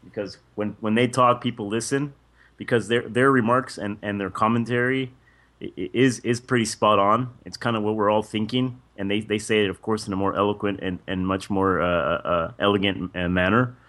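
Low-pitched man, animated and profane. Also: normal speed. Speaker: podcast co-host. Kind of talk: casual chat.

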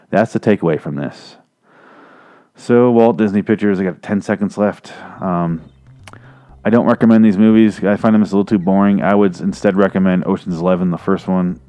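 A man's voice: low voice, dark tone. A man hosting a movie review show, rambling in an exasperated, profane rant. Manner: rambling, exasperated, swears freely.

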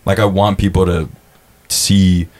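A man's voice: sits low, little pitch movement, measured pace, darkish tone. A young man chatting casually on a podcast, telling stories, saying dude a lot and swearing as he acts out what people said. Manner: laid-back storyteller, says dude a lot, swears, acts out quotes. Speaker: podcast guest. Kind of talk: casual chat.

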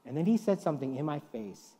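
A middle-aged man preaches in a church, his voice a little high for a man. He tells personal stories, acts out the people he quotes, and swings between hushed and loud. A long reverb from the hall hangs on every line. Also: big pitch swings, quick pace. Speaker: guest preacher. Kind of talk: sermon.

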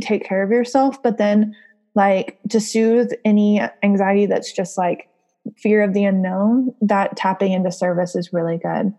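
A woman's voice: medium pitch, warm tone. A woman hosting a casual group call, upbeat and encouraging, laughing often and reading out viewer comments. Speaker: live call host.

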